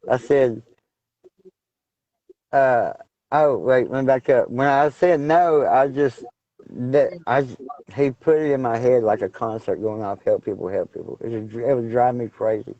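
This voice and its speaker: A man telling his personal testimony in a casual, halting way, full of fillers and restarts. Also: mid-range voice, dark tone, dry recording, highs cut off. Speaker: guest sharing testimony.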